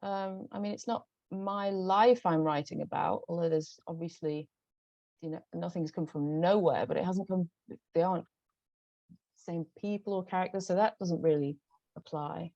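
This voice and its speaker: A woman's voice: fairly low pitch, moderate pace, warm tone, dry recording. A woman with a Northern English accent, a novelist talking about her books on a video call, hesitant and full of restarts. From Northern England. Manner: hesitant, many restarts and ums. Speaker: novelist guest. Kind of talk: conversational book talk. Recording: dull lo-fi video call audio.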